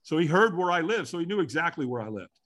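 A man's voice: on the high side, big pitch swings, fast, a bit bright. An older man from California, a guest in an interview, tells his personal story earnestly and candidly and voices his own past thoughts aloud.

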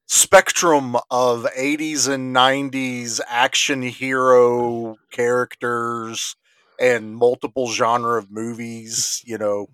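A man's voice: medium pitch, flat delivery, slow, a bit bright, clean tone, no room sound. A male podcast co-host chatting casually in a laid-back, teasing way. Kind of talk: casual chat.

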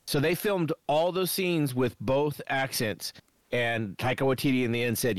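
A man's voice: mid-range voice, normal speed, dry recording. A man on a podcast talking casually about a film, enthusiastic, laughing easily and often restarting his sentences. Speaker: podcast co-host. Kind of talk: casual movie discussion.

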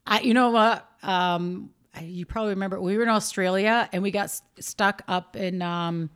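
A woman's voice: medium pitch, normal speed, clear, resonant tone. A middle-aged mother chatting as a podcast guest, recalling her kids' childhood with laughter and acted-out quotes. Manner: animated, laughing, acts out quotes. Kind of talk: casual chat.

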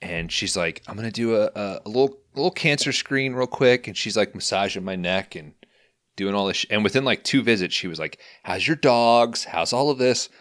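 A man in casual chat, telling crude, animated stories about the dentist. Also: lowish voice, fairly quick, no echo, studio quality. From St. Louis.

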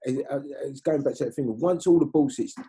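Middle-aged guy rambling in an interview, dark husky voice, keeps saying you know what i mean. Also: mid-range voice, fairly quick. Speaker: film crew guest. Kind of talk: casual interview chat.

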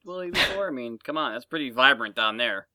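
A man's voice: mid-range voice, lively intonation, brisk, noisy background. A man chatting casually and joking with the others. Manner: joking, teasing. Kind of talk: casual chat.

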